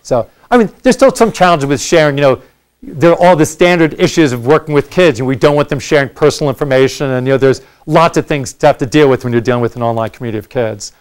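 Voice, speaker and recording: A man's voice: medium pitch, fast talker, clear, resonant tone. A middle-aged man answering audience questions after a university lecture, explaining in a conversational way with frequent fillers and restarts.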